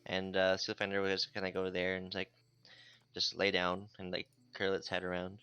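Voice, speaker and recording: Deep-voiced man playing a tabletop game. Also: monotone, fairly quick, sharp tone, clean tone, no echo. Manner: casual, hesitant with fillers. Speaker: player.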